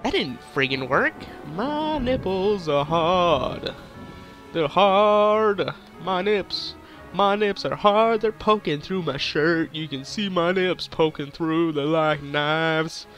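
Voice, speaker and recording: A man's voice: high voice, animated, takes it slowly, a bit bright, soft background music. Crude, goofy young gaming commentator man. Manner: silly, crude, rambling jokes. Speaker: gaming YouTuber.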